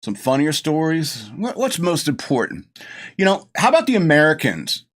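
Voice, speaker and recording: A man's voice: a little high, wildly swooping pitch, normal speed. Rambling, laughing male podcast host. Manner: rambling and gushing, laughs often, acts out movie lines. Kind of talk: casual movie review chat.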